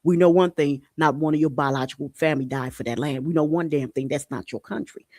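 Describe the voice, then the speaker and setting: A man's voice: fairly high pitch, fast, darkish tone, no echo. A man hosting a podcast, delivering an impassioned political monologue, fiery and repetitive, swearing and hammering his points home. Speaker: podcast host.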